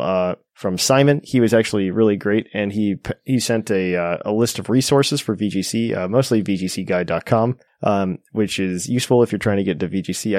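A man hosting a podcast in casual chat, relaxed and rambling with plenty of fillers. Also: lowish voice, no room sound, clean studio sound. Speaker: podcast host.

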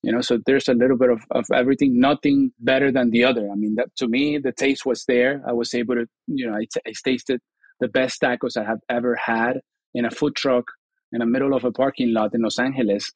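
A man's voice: medium pitch, steady tone, brisk, no room sound, rough recording. Man, Venezuelan accent, Spanish native, middle-aged, earnest guest talk, dry close sound. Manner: earnest, many restarts and "you know" fillers. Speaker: chef and TV host, guest. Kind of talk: casual interview chat.

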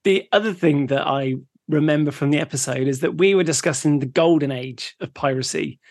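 Male podcast co-host, chatty and easygoing, gravelly tone, dry close sound. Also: a little high, a little fast, dry recording. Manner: chatty, easygoing, laughs along. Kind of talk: casual chat.

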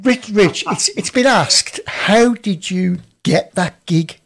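A man, a co-host chipping in with quick remarks. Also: sits high, gravelly, fairly bright tone. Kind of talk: casual podcast chat.

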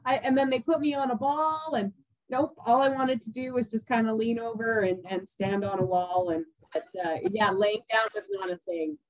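A woman's voice: fairly high pitch, normal speed, no room sound, low-quality recording. A woman guest in a podcast conversation, laughing often and trailing off with fillers as she tells a personal story. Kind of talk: casual conversation.

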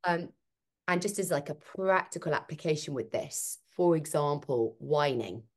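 A woman's voice: low voice, normal speed. A woman, a podcast guest and author, talking about parenting in a conversational interview and acting out quoted speech. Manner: animated, acts out quoted speech.

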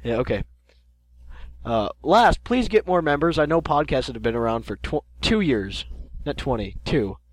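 Joking teen podcaster, dry close sound. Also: male voice, mid-range voice, expressive, moderate pace, no room sound. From Canada. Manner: joking, rambling with repeated restarts. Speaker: podcast co-host. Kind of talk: casual chat.

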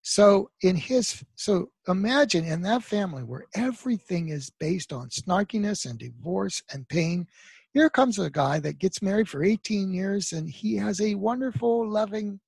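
A man talking as a therapist on a talk show, telling a client story with emphatic bursts that trail off into quiet asides. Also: high voice, expressive, measured pace, creaky, husky, no room sound. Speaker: guest therapist. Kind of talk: conversational interview talk.

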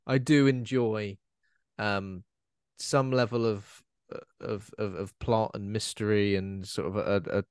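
A man in mid-range pitch chats through a film review for a podcast, circling back on his words and cracking jokes at his own expense. The sound is dry and close, with no room around him. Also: slow, smooth, no echo. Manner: rambling, self-correcting, jokey, animated when quoting. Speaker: podcast co-host, film critic. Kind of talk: casual film review chat.

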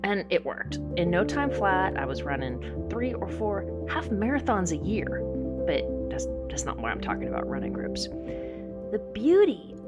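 Lively woman podcast host narrating. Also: medium pitch, a little slow, loud music behind the voice. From Southern California. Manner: lively storyteller, playful asides.

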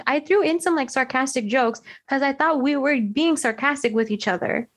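A young woman co-hosting a podcast, telling a story in an animated, slangy way with lots of "like" into a desk microphone. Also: sits high, normal speed. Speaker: podcast co-host. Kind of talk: casual chat.

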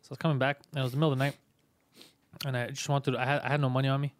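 A man hosting a comedy podcast, telling stories in a fast, profane, animated way. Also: mid-range voice, dry recording. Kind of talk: casual storytelling chat.

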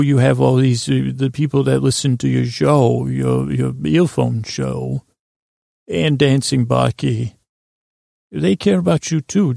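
A man riffs in character as an earnest young king, his voice heavy with gravel and fry. He stumbles and restarts as he rambles through the comedy bit. The sound is dry and close. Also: medium pitch, warm tone, no echo. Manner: rambling, halting, full of restarts. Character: earnest boy king Tommen. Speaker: comedy podcast host.

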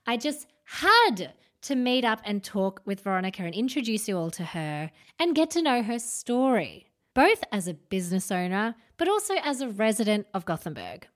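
Lively Stockholm-accented woman host. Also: mid-range voice, no echo, studio quality. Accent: Stockholm Swedish. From Sweden. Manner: lively storytelling, chatty. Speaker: podcast host. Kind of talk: casual podcast narration.

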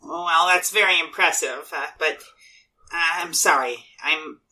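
A woman's voice: deep voice, measured pace, bright, forceful tone. A woman playing her character in a tabletop game, friendly and hesitant in speech. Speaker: player. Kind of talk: tabletop role-play.

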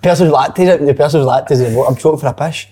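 A man joining a casual chat among friends, chipping in with quick, excitable reactions. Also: a little high, breathy edge.

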